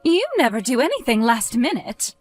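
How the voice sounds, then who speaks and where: A woman's voice: fairly high pitch, very animated, normal speed, soft background music. A woman voicing a worried, caring mother. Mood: concerned. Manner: gentle, coaxing, concerned.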